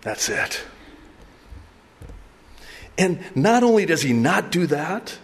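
A middle-aged male pastor giving a conversational, animated sermon with asides and laughter. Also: fairly high pitch, takes it slowly, breathy edge, long reverb tail. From raised by an Arab mother.

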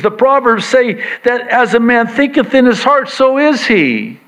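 A man preaching a sermon to his church, swinging from hushed reflection to excited emphasis, with joking asides. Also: very high voice, normal speed, hardly any pauses. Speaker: pastor. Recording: dull lo-fi sound.

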